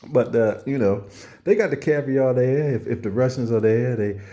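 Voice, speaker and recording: A man doing a rambling comedy monologue, acting out little scenes and slipping into hushed asides. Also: mid-range voice, normal speed.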